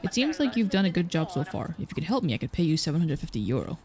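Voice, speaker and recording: A streamer flatly reading the lines of a scheming landlord in a video game, without putting on a voice. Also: medium pitch, very fast, a crowd in the background. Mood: matter-of-fact. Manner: read out flatly, no voice put on. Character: scheming landlord seeking a designer.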